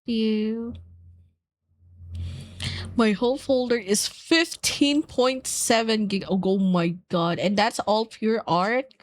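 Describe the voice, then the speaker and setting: Giggly young woman streamer, slow and gushing. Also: a little high, dry recording. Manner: giggly, squealing, gushing with excitement. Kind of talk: casual stream chat.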